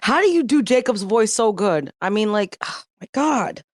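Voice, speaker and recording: Raspy woman telling excitable stories. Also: fairly high pitch, moderate pace, dry recording, studio quality. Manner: excitable, gossipy storytelling. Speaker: panelist. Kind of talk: casual online panel chat.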